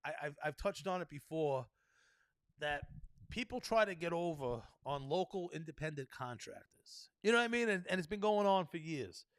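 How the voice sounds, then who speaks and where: A man's voice: on the high side, animated, moderate pace, no echo. A young man, hosting a solo podcast and ranting profanely, peppering his talk with "you know what I mean". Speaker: podcast host.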